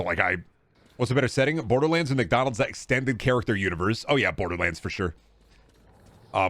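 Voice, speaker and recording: A man's voice: fairly low pitch, fairly bright tone, no room sound. A man streaming a game, rambling and joking with chat and swearing freely. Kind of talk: casual live gameplay commentary.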